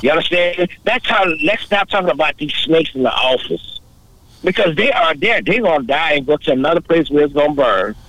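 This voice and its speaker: A man's voice: on the high side, animated, brisk, a bit bright, poor audio. A man, talking in an impassioned, preachy way in a casual chat.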